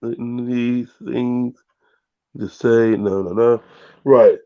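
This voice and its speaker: A man hosting a casual live football predictions stream, slowly reading viewer comments aloud in an easygoing way. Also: mid-range voice, fairly even intonation. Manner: slow, easygoing, reads chat aloud haltingly. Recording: dull lo-fi stream audio.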